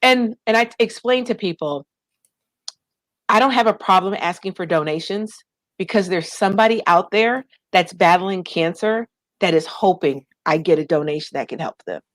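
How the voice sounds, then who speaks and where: A woman with a somewhat low voice tells her story in an interview. She is animated and acts out the voices she quotes. The sound is dry and close. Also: moderate pace, no room sound. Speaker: guest, nonprofit founder.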